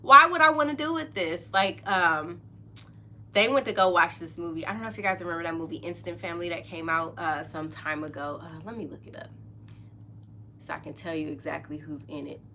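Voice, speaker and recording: Middle-aged woman just chatting, laughs a lot, kinda low voice. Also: steady tone, fairly quick, pushed and bright, slight background noise. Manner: chatty and open, laughs often, trails off mid-sentence. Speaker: podcast host. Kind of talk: casual chat.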